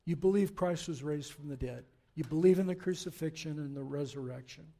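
A male pastor preaching a sermon, reading verses aloud and urging his listeners on with animated, forceful exhortation. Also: a little high, a little fast.

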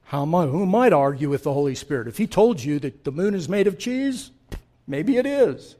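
A man preaching in a church with a fairly high voice. He is impassioned and direct with the congregation, swinging between hushed, quiet passages and loud, fervent peaks. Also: expressive, fairly quick. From Middle East. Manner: direct, talks straight to the congregation. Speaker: pastor. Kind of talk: sermon.

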